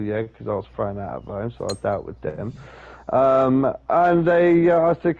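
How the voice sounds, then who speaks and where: A man's voice: medium pitch, moderate pace, muffled recording. A man, telling a rambling, sweary story in casual talk and acting out other people's lines. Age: 30s.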